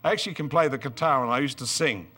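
Bright-voiced older man preaching animatedly. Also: mid-range voice, fast, husky, soft background music. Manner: animated storyteller, swings from quiet asides to loud excited outbursts. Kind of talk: storytelling sermon.

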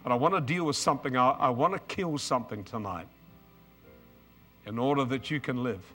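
A man's voice: medium pitch, fairly quick, a bit bright, soft background music. A man in his seventies with an Australian accent, preaching an emotional, exuberant sermon with bursts of praise and repeated words.

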